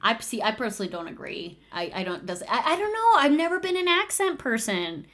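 A woman in casual conversation, talking through her opinions with restarts and quick laughs. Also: a little high. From United States. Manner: animated, thinks aloud with restarts and laughs. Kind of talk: casual chat.

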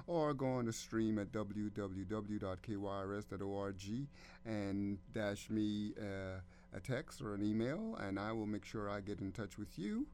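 Male community radio host, lowish voice, effusive and stammering, studio mic. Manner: effusive, gushing, stammers with excitement. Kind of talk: casual radio interview.

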